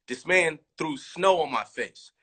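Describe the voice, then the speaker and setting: A man's voice: on the high side, animated, unhurried, bright, forceful tone, husky. A man from California, in his thirties, chatting casually on a livestream, rambling and restarting, acting out quoted lines. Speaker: rapper talking on a livestream.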